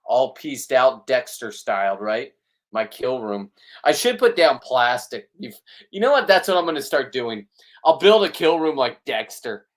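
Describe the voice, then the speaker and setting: Man rambling and joking to viewers. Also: medium pitch. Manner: joking, boastful, off-the-cuff. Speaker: vlog host. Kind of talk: casual rambling chat.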